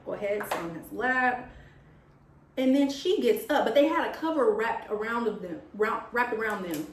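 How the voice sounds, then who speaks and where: A young woman vlogger telling a story in casual chat, animated and dramatic, quoting what people said. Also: on the high side, moderate pace. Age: young adult. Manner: animated, dramatic retelling with gasps and quoted lines. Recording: echoey room, mic at a distance.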